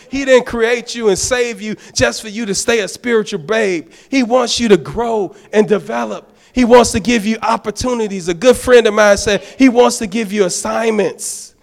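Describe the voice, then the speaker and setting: Male deacon, high gravelly voice, fervent sermon delivery with stammered restarts. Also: normal speed, few pauses. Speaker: deacon preaching.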